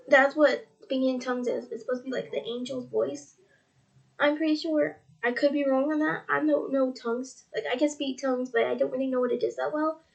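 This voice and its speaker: High-voiced teenage girl, earnest and tearful. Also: lo-fi sound. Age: teens. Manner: earnest, rambling, repeats "he's like". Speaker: religious vlogger. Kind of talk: earnest faith vlog.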